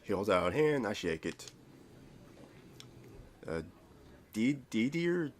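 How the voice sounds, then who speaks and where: A man's voice: low voice, sing-song, slow, a little hiss or hum. A man reading a visual novel aloud, rambling and stumbling over words with self-mocking asides. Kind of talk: reading a game aloud with commentary.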